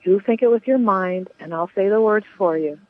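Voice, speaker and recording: A woman's voice: medium pitch, normal speed, dry recording, lightly acted. A woman reading aloud the words of an older woman comforting her dying brother, in a tender, plain voice without an accent. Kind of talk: reading a play monologue aloud. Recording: tinny phone line.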